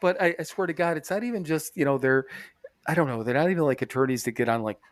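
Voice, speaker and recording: A man's voice: on the high side, fast talker, no echo, studio quality. Rambling, laughing man on a podcast. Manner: rambling, profane, laughs often. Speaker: podcast co-host. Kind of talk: casual chat. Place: bathroom.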